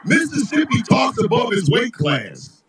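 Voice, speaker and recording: A man hosting a live talk show, ranting comedically in a profane, animated way, often shouting. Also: extremely high pitch, unhurried, a little hiss or hum, rough recording. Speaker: host.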